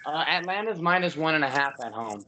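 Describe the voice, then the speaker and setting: A man co-hosting a casual sports podcast, easygoing and quick to laugh. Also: on the high side, lively intonation, sharp tone. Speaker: podcast co-host, the betting line guy.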